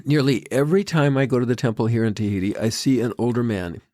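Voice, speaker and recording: Older man, podcast host, reflective devotional talk, gentle storytelling, mid-pitched voice, dry sound. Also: no echo. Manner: gentle, unhurried storytelling with quoted foreign phrases. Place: Tahiti.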